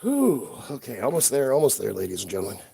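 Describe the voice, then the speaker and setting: A man's voice: mid-range voice, wildly swooping pitch, fast, gravelly, dark tone, a little hiss or hum. A man hosting a casual live stream, chatting playfully with his viewers while he cleans a shelf at home. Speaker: livestream host. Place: room at home by a toy shelf.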